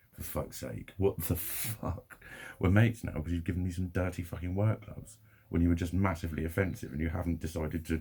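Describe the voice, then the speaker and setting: A man's voice: low-pitched, creaky, warm tone, slightly rough. A young man ranting to camera in a sweary, rambling, heated way. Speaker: vlogger.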